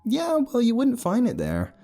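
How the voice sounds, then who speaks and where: A male narrator voicing a brash, teasing young woman who works as a tour guide, bossy and sharp-tongued. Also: very high-pitched, huge pitch swings, normal speed, vocal fry, pitched above the performer's own voice, heavily acted.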